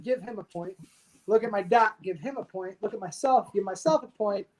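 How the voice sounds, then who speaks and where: A man in his thirties from the United States, a podcast guest telling a war story candidly and with dark humor, swearing freely. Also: high-pitched, normal speed, a little hiss or hum, low-quality recording. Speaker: podcast guest, army veteran. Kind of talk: casual storytelling interview.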